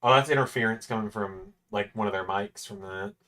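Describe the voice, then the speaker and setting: A man's voice: fairly low pitch, very animated, moderate pace, vocal fry, bright, forceful tone. Joking, swearing man hosting a watch-along. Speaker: livestream watch-along host. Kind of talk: casual live commentary.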